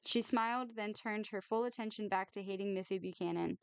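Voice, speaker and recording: A woman reads a novel aloud at a measured, expressive pace. Her voice is smooth and clear, recorded close and dry with no room sound. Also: medium pitch, no room sound. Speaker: streamer reading a novel aloud.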